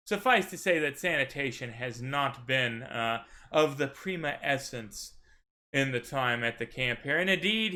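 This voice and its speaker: A man's voice: mid-range voice, sharp tone. A man narrating a tabletop game as game master, wordy and theatrical, with frequent "right?" asides.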